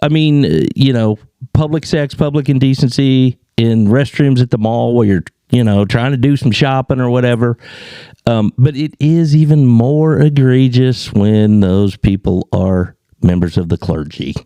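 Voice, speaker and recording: A man's voice: medium pitch, moderate pace, dark tone, clean tone, dry recording. A man hosting a podcast, chatting casually and emphatically to listeners. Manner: emphatic, reacts with short interjections. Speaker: podcast host. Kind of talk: casual chat.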